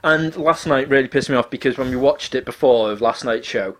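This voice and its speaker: A man co-hosting a podcast, chatting in a rambling, animated and sweary way. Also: mid-range voice, a little fast, slight background noise. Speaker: podcast co-host. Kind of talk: casual chat.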